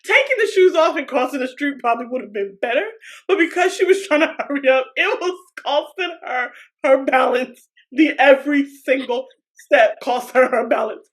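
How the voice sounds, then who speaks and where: A woman's voice: sits high, normal speed. A woman co-hosting a podcast, telling a funny story in casual chat while laughing so hard she cries. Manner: laughs through her story, giggly and animated. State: crying with laughter. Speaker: podcast co-host.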